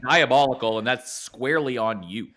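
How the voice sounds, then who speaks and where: A man's voice: mid-range voice, moderate pace, fairly bright tone. A man with a Canadian accent hosting a casual podcast chat over a remote call, jokey and self-mocking. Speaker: podcast host. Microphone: remote call mic.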